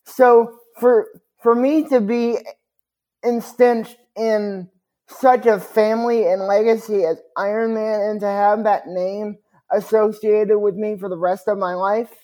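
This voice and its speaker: A man speaks as a guest on a podcast interview. His delivery is earnest and measured as he tells a personal story. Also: sits high, flat delivery, warm tone.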